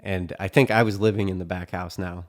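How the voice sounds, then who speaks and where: A man's voice: low-pitched, fairly even intonation, fairly quick. A man telling a story from his younger years in a casual, rambling, profane way, full of fillers.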